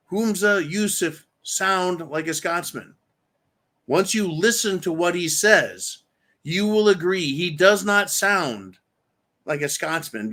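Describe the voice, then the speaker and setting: Slow-talking ranting male commentary host. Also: on the high side, a bit bright. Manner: angry, profane, reads viewer comments aloud.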